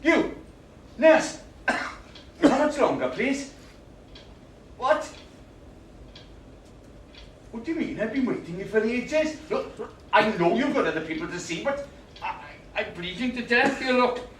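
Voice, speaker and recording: Male actor as a gruff, swearing old grump, high and sharp, caught live from far off in an echoey theatre. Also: lively intonation, a little slow, long pauses, slight background noise, full character voice. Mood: indignant. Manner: gruff, complaining, swearing, bossy. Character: cantankerous older British man in hospital waiting room. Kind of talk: live stage monologue. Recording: roomy live stage sound, distant mic.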